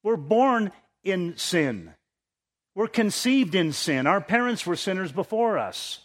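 A man delivering a sermon in a fairly high voice for a man. His voice climbs and strengthens as he reads scripture aloud, then sinks to quieter, lower asides, with frequent repeated words as he restarts his thoughts. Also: sing-song, takes it slowly. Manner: preaching, rises in pitch and force when reading scripture, drops low for asides. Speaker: pastor.

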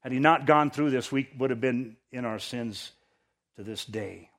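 A man preaching a sermon, reading scripture with rising intensity and dropping to quiet asides, often repeating words as he restarts. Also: normal speed. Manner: preaching, rises in pitch and force when reading scripture, drops low for asides. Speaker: pastor.

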